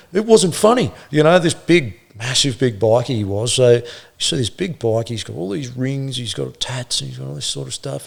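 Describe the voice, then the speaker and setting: A middle-aged Australian man, a former police officer, telling animated stories in casual conversation and acting out the people he quotes. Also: mid-range voice, creaky. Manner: animated anecdotes, acts out quoted voices, laughs often. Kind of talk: casual storytelling.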